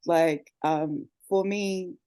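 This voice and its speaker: A woman's voice: on the low side, fairly even intonation, drawn-out words, mellow, clear, resonant tone. A woman speaking earnestly on a casual group video call, with many fillers. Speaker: group member.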